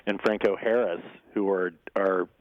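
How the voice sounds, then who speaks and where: A man who is an actor guest in a casual interview, rambling with many restarts and quick chuckles. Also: low voice, fairly even intonation, no echo, phone-quality sound.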